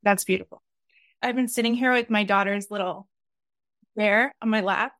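A woman's voice: mid-range voice, steady tone, normal speed, fairly bright tone, no room sound, clean studio sound. A woman hosting a podcast, speaking in a heartfelt, emotional way. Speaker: podcast host. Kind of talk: podcast conversation.

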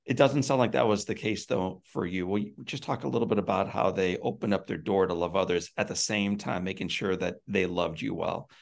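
Low, gravelly-voiced male interviewer. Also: steady tone, fairly quick, few pauses. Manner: affirming, asks open questions. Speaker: interviewer, host. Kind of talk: conversational interview.

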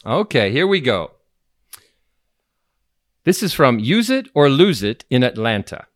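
A man's voice: mid-range voice, very animated, unhurried. A man hosting an advice podcast in easygoing, jokey casual chat, chuckling along. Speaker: podcast host.

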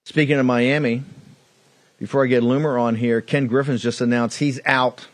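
A man's voice: mid-range voice, fairly even intonation, moderate pace, no echo. Emphatic man hosting a political show. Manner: emphatic, repetitive, mocking. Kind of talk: combative political monologue.

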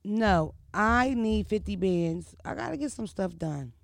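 A brash woman, chatting and telling stories in a loud, profane, animated way. Her voice has a gravelly rasp. The sound is dry and close, with no room around it. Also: mid-range voice, unhurried, dry recording. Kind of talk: casual storytelling chat.

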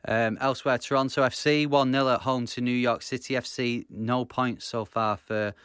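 A British man hosting a football podcast, leading the roundup in a brisk, chatty way. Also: medium pitch, fairly even intonation, a bit bright, smooth, no room sound, clean studio sound. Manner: brisk, runs the roundup and sponsor reads. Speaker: podcast host. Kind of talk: casual sports chat.

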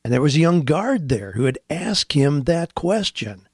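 A man's voice: fairly high pitch, sing-song, measured pace, darkish tone, husky, no room sound, clean studio sound. A man hosting a radio show, telling a story and then talking in a conversational way. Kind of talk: storytelling and casual radio talk.

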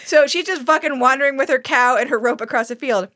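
A woman's voice: quick pace, sharp tone, no room sound, studio quality. A woman co-hosting a comedy podcast, recapping a film in casual, profane chat and laughing often. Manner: profane, giggly storytelling; acts out characters in squeaky voices. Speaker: podcast co-host.

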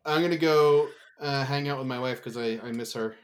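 A man's voice: mid-range voice, fairly quick, smooth. Laid-back man hosting a casual podcast. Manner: relaxed, swears freely, many fillers. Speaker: podcast host. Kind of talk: casual chat.

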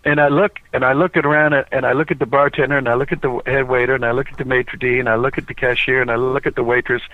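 A man voice actor tells a lively story in an interview, stumbling over restarts and fillers as he goes. His voice sits in a middle pitch range. The sound is thin and tinny, like a phone recording in a dead, dry space. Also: fast talker, dry recording. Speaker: voice actor guest. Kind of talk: casual anecdote in an interview. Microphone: cell phone recording.

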